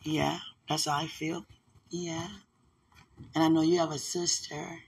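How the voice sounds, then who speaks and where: Husky, gravelly-voiced woman, affectionate. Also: deep voice, measured pace. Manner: affectionate, laughing, religious, animated storytelling. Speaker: fiancée talking to her partner. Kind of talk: casual emotional chat.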